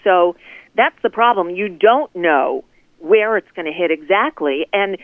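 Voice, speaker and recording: Woman caller from Florida, sarcastic and lively, dry tinny phone sound. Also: lowish voice, unhurried, no echo. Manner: sarcastic, animated storytelling. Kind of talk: casual political phone chat.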